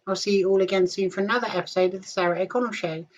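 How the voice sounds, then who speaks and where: A woman's voice: medium pitch, steady tone, very fast. A woman from the UK hosting an interview show, friendly and upbeat as she asks her questions. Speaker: show host. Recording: dull lo-fi sound.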